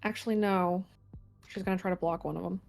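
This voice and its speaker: A woman playing a tabletop game, talking casually and planning her moves out loud. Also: fairly low pitch, steady tone, a little fast, creaky. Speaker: player. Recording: faint music behind.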